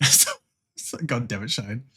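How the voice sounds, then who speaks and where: A young Australian man streaming while he draws, thinking out loud in casual chat, laughing often and swearing freely. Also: medium pitch, measured pace, slightly rough.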